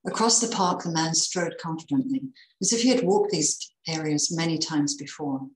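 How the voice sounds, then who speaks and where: A woman reading a Christmas story aloud in a measured, expressive way. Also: deep voice, reverberant, rough recording.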